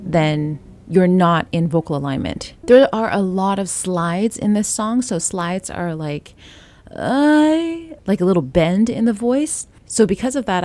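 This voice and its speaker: A woman voice coach teaching a song, explaining calmly and singing short example lines. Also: lowish voice. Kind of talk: singing lesson.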